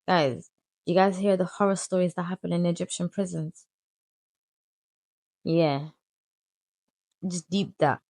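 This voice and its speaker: A young woman telling her life story in a candid, animated vlog, full of slang and crude asides. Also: fairly low pitch, unhurried, pauses often, no room sound, studio quality. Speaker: vlogger.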